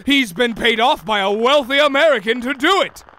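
An actor playing an excitable, bumbling sidekick who speaks in grand flowery phrases. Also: male voice, very high-pitched, normal speed. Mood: grandiose.

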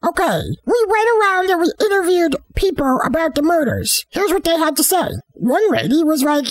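A high-voiced woman improvising a comedy bit, rambling and deadpan, tripping over her restarts. Her pitch jumps all over the place, and the sound is dry and close with no room around it. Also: moderate pace, hardly any pauses, no room sound, rough recording. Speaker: comedic storyteller.

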